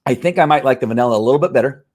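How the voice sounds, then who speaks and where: A man's voice: mid-range voice, rapid-fire, a little mellow. A man chatting casually on a live stream, rambling through a product review with restarts and chuckles.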